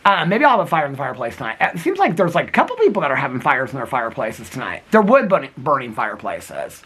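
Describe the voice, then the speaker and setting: A man in his fifties vlogs to camera outdoors in cold, snowy weather, chatty and giggly, calling his viewers girl and honey. His mid-range voice swings hugely in pitch, moves fast, and sounds husky with a fairly bright tone.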